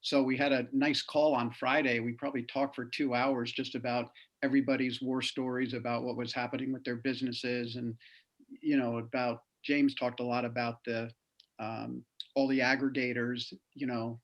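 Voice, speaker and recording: A man speaking as a guest in a casual video-call interview, relaxed and rambling with hesitations. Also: mid-range voice, moderate pace. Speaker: guest author. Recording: muffled lo-fi call audio.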